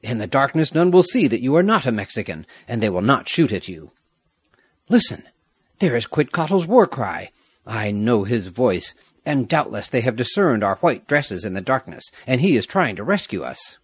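A man reading the part of a proud young Aztec prince who is mortally wounded, solemn and grave, with a husky voice. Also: mid-range voice, sing-song, moderate pace, dry recording. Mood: urgent.

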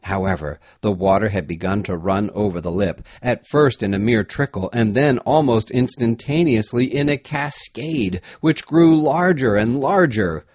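A man reading an adventure story aloud in an expressive, dramatic manner. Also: fairly low pitch, moderate pace, few pauses, no room sound. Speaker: narrator. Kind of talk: storybook narration.

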